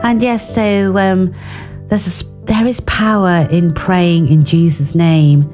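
A woman's voice: lowish voice, steady tone, slow, music in the background. A woman giving an informal devotional talk on prayer, earnest and personal, with restarts and asides. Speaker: devotional speaker.

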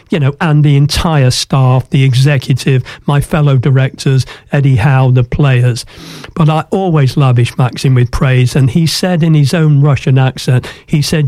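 An older Englishman tells his story earnestly, pausing on ums and restarting his sentences. His voice is dark and mellow. It is recorded dry and close. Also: mid-range voice, dry recording. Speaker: guest, former football club chairman. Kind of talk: radio interview storytelling.

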